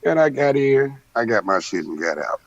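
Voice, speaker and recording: Hombre relajado con sonido apagado. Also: male voice, medium pitch, sing-song, moderate pace, no room sound, lo-fi sound. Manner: laid-back, anecdotal storytelling. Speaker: co-host, spiritual priest. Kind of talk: casual radio chat.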